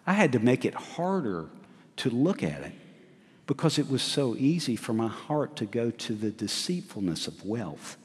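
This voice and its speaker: Animated middle-aged pastor in a reverberant hall. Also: male voice, medium pitch, moderate pace. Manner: animated preacher, asks the congregation questions, laughs at himself. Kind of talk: sermon. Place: church sanctuary. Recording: long church hall reverb.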